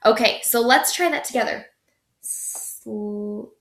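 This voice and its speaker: Woman, teacher, phonics lesson for kids, unhurried, encouraging, drawn-out sounds, roomy echo. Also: a little high, expressive, a bit bright. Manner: slow, encouraging, stretches out sounds. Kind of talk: phonics lesson for young children.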